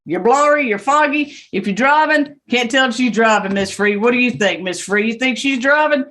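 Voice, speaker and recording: A woman judge with a Southern US accent giving brisk, stern and joking courtroom instructions over a video call. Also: a little high, animated, fairly bright tone.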